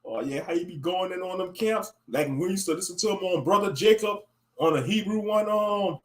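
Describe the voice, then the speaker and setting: A man's voice: high-pitched, brisk. A man hosting a casual livestream talk who speaks in a laid-back, slangy way and laughs often. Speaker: host.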